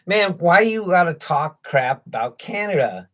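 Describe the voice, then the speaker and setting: A man's voice: a little high, big pitch swings, unhurried, a bit bright, poor audio. A man co-hosting a casual political chat show, sarcastic, profane and jokey. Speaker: co-host.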